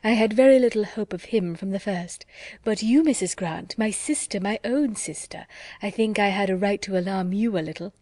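A woman's voice: medium pitch, normal speed, dark tone, no room sound, studio quality, close to an everyday voice. A woman voicing a witty, teasing young society woman who speaks archly and playfully in an audiobook. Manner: arch and playful.

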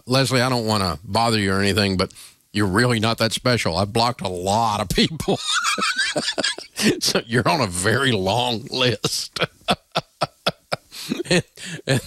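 A Southern-accented man runs his radio show in a blunt, joking way, his pitch swinging widely from phrase to phrase. The sound is close and dry, with no room around it. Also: fairly bright tone, no echo. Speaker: radio talk show host. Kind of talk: casual talk radio banter.

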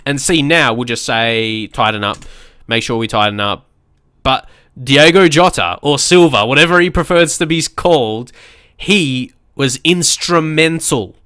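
Excitable male gamer, smooth voice, dry close-mic sound, lively let's play commentary. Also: mid-range voice, a little slow, no room sound. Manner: excitable, shouting at the screen and swearing. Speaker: gaming YouTuber.

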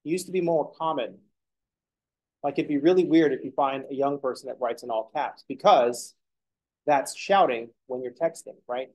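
A man's voice: medium pitch, moderate pace, a little mellow, low-quality recording. A man teaching a calculus class, explaining steps and making joking asides to his students. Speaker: math lecturer. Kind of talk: classroom lecture.

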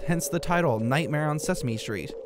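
A young man commenting on a horror game in a goofy, jokey way, with loud outbursts, over game music. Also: a little high, expressive, moderate pace, background noise. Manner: goofy, jokey, breaks into shouts and silly singing. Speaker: gaming YouTuber.

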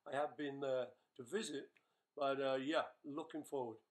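A man's voice: mid-range voice, fairly even intonation, moderate pace. An older man answering fan questions in a casual live webchat, playful and chatty as he reads each question aloud.

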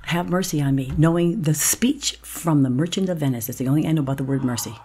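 A woman's voice: deep voice, quick pace, dark tone, slight background noise. A woman, a guest actress on a podcast, telling a personal story vividly, acting out the other voices and dropping to a whisper at times.

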